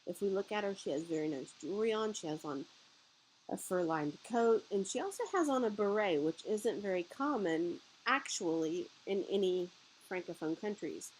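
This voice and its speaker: A woman's voice: mid-range voice, lively intonation, moderate pace, darkish tone, a little hiss or hum, low-quality recording. A woman teacher giving a guided video lesson, patiently explaining words step by step. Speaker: French teacher.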